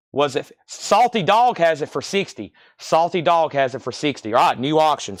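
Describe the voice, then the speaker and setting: A man calls out records, prices and buyers in quick, repetitive auction patter. His voice sits a little high, and the sound is dry and close, with almost no room around it. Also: dry recording. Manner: rapid-fire, repetitive calls of sales and prices. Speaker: live-stream record seller.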